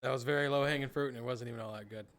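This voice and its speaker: A man co-hosting a podcast, teasing and quick to laugh in casual chat. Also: medium pitch, fairly even intonation, fairly bright tone. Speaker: podcast co-host.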